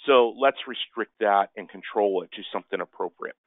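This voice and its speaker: A man with a fairly low voice talks through a webinar in a loose, chatty way, ending line after line with "right?". The sound is dry and tinny, squeezed through a phone line. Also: a little fast, no echo. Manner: chatty, peppers speech with "right?". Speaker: webinar presenter. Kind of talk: casual webinar presentation.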